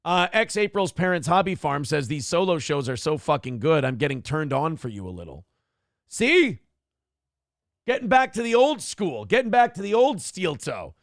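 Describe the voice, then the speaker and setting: A male livestream host with a gravelly, slightly higher voice and very lively pitch. He talks in a profane, mocking way, riffs on chat messages and acts out exaggerated lines. The sound is dry and close, with almost no room echo. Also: normal speed. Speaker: solo livestream show host. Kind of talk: crude comedic commentary, reading chat messages.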